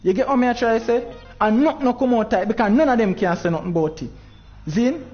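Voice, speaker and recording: A man's voice: very high voice, fast talker, muffled recording, soft background music. Jamaican man venting on a stream. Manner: frustrated, preachy, heavy patois. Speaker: livestream tournament host. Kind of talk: livestream talk to viewers.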